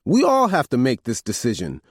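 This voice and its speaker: A man's voice: mid-range voice, wildly swooping pitch, a little fast, slightly rough, dry recording, clean studio sound, pitched above the performer's own voice, full character voice. A man reading an audiobook, voicing a blunt brother who pushes back against the family decision. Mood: defiant. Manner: blunt, defiant. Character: defiant grown brother, man.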